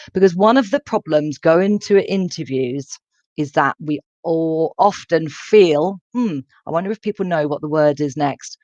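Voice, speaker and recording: A woman teaching a live online English class, speaking clearly and repeating phrases and questions for her students to follow. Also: low-pitched, a little mellow, dry recording. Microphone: computer microphone in a live online lesson. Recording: dull, dry lo-fi stream audio.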